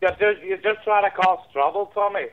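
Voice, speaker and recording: A man with a Dublin Irish accent calling a show, calm and persistent, repeating his request. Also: high-pitched, normal speed, no echo. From Ireland. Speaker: caller. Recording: tinny phone line.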